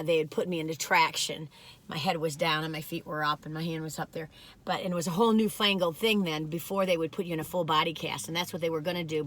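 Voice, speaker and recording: Woman in her sixties, bright voice, rambling casual vlog chat, lots of ums and restarts, self-deprecating jokes. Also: lowish voice. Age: 60s. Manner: chatty, wandering, lots of fillers and restarts; self-deprecating, joking asides. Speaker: food review vlogger.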